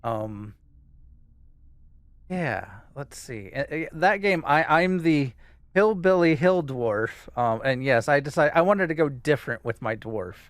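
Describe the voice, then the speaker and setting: A man's voice: a little high, lively intonation, a little slow, no room sound. A man co-hosting a casual gaming podcast, rambling and hesitant as he chats. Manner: rambling, hesitant, many fillers and restarts. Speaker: co-host.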